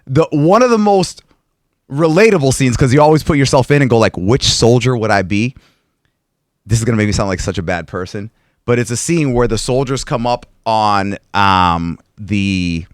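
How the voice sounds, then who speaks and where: Casual male co-host, mid-pitch, dry close mic, lively storyteller. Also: dry recording. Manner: animated storyteller, retells movie scenes at length. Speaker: podcast co-host. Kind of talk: casual chat about movies.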